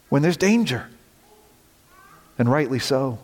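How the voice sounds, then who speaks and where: A man delivers a sermon from the pulpit, his voice sitting a little high. He drops to quiet, weighty phrases and climbs to urgent shouts. A long reverb from a large church sanctuary trails each line. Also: lively intonation, a little slow. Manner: dramatic swings from quiet to shouted warnings. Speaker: pastor.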